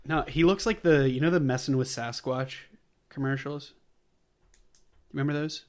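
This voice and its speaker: A man hosting a casual movie podcast, recapping in a rambling way, full of fillers and quick laughs. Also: medium pitch. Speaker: podcast host.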